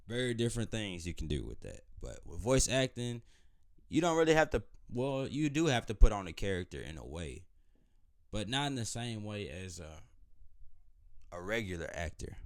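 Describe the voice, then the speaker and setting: Low-voiced man rambling casually. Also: expressive, normal speed. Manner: meandering, loose and conversational, with many restarts. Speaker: vlogger.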